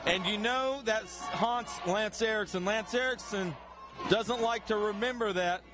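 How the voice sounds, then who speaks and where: A man calling a professional wrestling match, excitable and building to shouts at the big moves. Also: high-pitched, a little slow, music in the background. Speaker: wrestling commentator. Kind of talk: play-by-play wrestling commentary.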